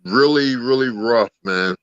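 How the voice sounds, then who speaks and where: A relaxed man in his fifties, a guest, telling stories in an easygoing drawl. He keeps calling the host "brother" and "man." His voice comes through a dull, lo-fi line with a dry, close sound. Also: mid-range voice, a little slow, no echo. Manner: laid-back, drawling, calls people "brother" and "man". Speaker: guest, former pro wrestler. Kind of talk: casual storytelling interview.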